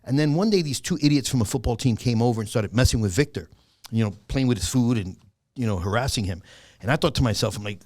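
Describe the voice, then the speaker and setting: A man's voice: mid-range voice, quick pace, dry recording, studio quality. A man, a podcast guest telling stories in casual chat and laughing often. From the Bronx, New York. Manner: energetic storyteller, laughs often.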